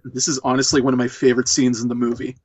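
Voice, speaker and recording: A man hosting a casual movie commentary podcast, riffing in an animated, profane way. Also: medium pitch, fast, no echo, highs cut off. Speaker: podcast host.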